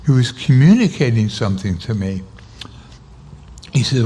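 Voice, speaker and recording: An older man, an interview guest, telling a personal story and acting out the dialogue with sudden jumps in pitch. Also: big pitch swings, moderate pace, long pauses, warm tone. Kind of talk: storytelling anecdote.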